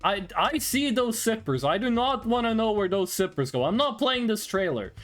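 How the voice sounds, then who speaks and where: A casual live-stream talker reacting to chat, blunt and quick to swear. The voice sits in a middle register but swings up and down a lot. Soft music plays faintly behind. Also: mid-range voice. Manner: animated, blunt, swears and laughs often.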